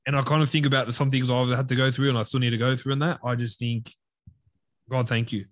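A young man co-hosting a casual podcast speaks in a relaxed, candid way and calls his friend bro again and again. His pitch is medium. The sound is close-miked and dry. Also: rapid-fire, dry recording. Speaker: podcast co-host.

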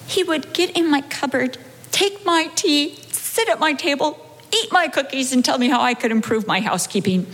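A middle-aged pastor's wife giving a humorous personal testimony in a sermon, animated and acting out her own past reactions. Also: high voice, moderate pace, in a large hall. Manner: animated storytelling, acting out her own wails and self-talk.

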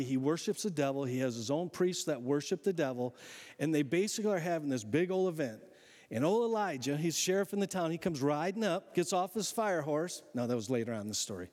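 A man preaching a sermon as pastor, telling stories in an animated, folksy, humorous way. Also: fairly high pitch, in a large hall.

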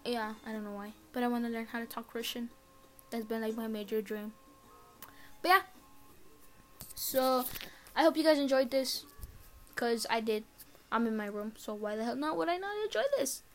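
A woman's voice: a little high, moderate pace, long pauses, faint music behind. A teenage girl chatting alone on her podcast from her bedroom, rambling and swearing casually. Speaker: podcast host. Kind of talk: casual solo podcast chat.

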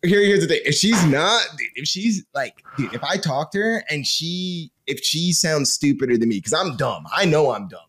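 Swearing young man, high lively voice. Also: moderate pace, few pauses, husky. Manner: rambling, swears a lot, repeats himself. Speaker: podcast regular. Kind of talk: casual group chat.

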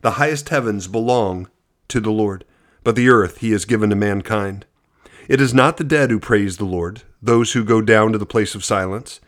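A man reading scripture aloud at a measured, steady cadence, then adding a brief reflection. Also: on the low side. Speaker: Bible reader.

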